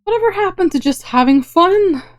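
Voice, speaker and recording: A woman's voice: extremely high pitch, lively intonation, moderate pace, no room sound, faint music behind, voice pushed up. A woman voicing a wry teenage girl in a video game, speaking in a dry, teasing way.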